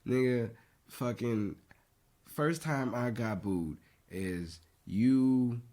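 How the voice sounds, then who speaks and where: Man telling a loud animated story. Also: mid-range voice, drawn-out words. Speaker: podcast host. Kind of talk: casual chat.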